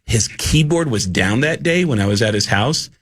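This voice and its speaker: A comedian guest in a radio studio, telling stories in a lively way and acting out the voices of the people in them. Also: male voice, mid-range voice, normal speed. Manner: storytelling, animated, acts out quoted voices. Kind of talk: casual radio studio chat.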